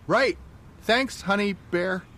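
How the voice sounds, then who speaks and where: A casual husband in the yard. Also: male voice, high voice, takes it slowly, pushed and bright, exaggerated voice. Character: easygoing husband mowing the lawn. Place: outdoors.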